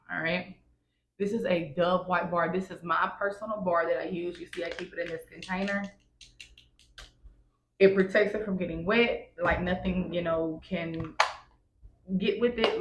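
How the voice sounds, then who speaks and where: A woman's voice: on the low side, fairly bright tone, a little hiss or hum. Emphatic woman giving blunt tips, echoey room. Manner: emphatic, repeats "all right?" and "wash, wash"; blunt, insistent, colloquial. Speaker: vlogger giving hygiene tips. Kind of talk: casual instructional vlog. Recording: echoey room, faint ambience.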